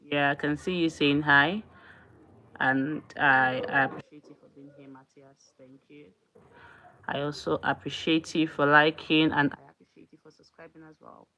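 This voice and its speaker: A woman's voice: sits low, fairly even intonation, moderate pace, sharp tone, highs cut off. A woman hosting her own live stream in casual chat, often thanking and greeting viewers as they join.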